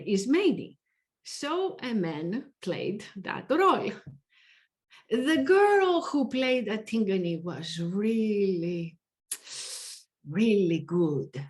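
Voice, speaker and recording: A woman reading a theatre teacher's testimony in a measured, reflective manner for a verbatim theatre reading. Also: fairly high pitch, a little mellow. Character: woman theatre teacher recalling her students.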